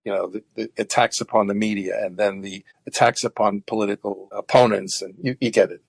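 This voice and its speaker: A man speaking earnestly in a conversational interview, often halting with fillers and restarts. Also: fairly low pitch, steady tone, gravelly, breathy edge, no echo. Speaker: guest activist.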